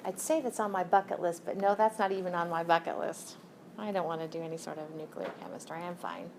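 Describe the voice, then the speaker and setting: A woman's voice: lowish voice, fast talker, background noise. A woman teaching chemistry in a recorded lecture, chatty and self-correcting, with joking asides to her students. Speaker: chemistry instructor.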